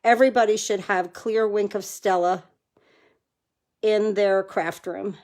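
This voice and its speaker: A woman's voice: medium pitch, steady tone, a little slow, darkish tone. Woman, crafting demonstrator on a live stream, chatty and enthusiastic, talks viewers through each step. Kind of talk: live card-making demo.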